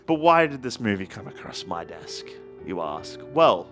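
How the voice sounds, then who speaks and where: A man's voice: mid-range voice, wildly swooping pitch, normal speed, faint music behind. A young man hosting a casual comedic movie review, rambling and profane, with jokey asides and restarts.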